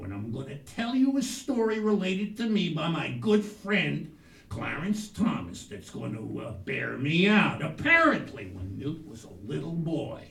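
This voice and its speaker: A man hosting a comic show in a persona, telling folksy stories with sudden shouted bursts. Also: a little high, big pitch swings, unhurried, vocal fry. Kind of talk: comic storytelling monologue. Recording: roomy, distant mic.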